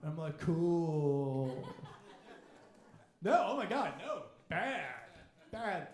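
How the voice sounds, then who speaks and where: Male comedian, high voice, roomy club sound, crude and animated, live stand-up. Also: a little slow. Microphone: handheld stage mic. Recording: echoey club room. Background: audience laughter.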